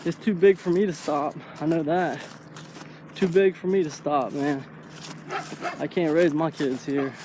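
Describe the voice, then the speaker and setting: A man's voice: fairly high pitch, steady tone, measured pace, long pauses. A man in his late thirties talking casually while walking outdoors, rambling and saying "man" a lot. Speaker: vlogger. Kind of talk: casual walking vlog monologue. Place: outdoors on a neighborhood street. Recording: noisy outdoor street recording.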